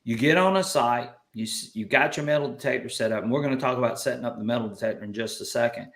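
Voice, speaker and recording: A man's voice: medium pitch, quick pace, a bit bright, roomy sound. A man with a Southern US accent hosting a casual live chat, folksy and upbeat as he reads out viewer comments. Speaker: livestream host.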